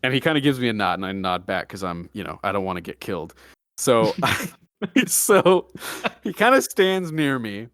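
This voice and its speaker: A young man hosting a podcast, telling a story in a deadpan, joking way with mock-serious asides. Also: fairly low pitch, normal speed, no room sound, studio quality. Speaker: podcast host. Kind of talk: casual storytelling chat.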